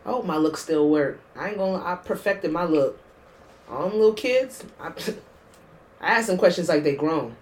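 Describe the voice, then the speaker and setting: Woman, casual podcast chat, animated, profane, frequent laughter. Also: lowish voice, normal speed. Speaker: podcast co-host.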